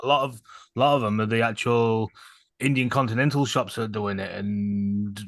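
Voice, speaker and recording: Calm man with a dry, close sound. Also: on the low side, no echo. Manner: measured, calmly pushing back. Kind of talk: casual livestream chat.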